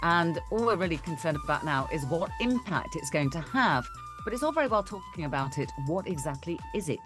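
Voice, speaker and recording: Low-voiced British woman co-hosting. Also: fairly quick, over music. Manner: relaxed, conversational, with fillers. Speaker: weather presenter. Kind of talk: casual co-host chat.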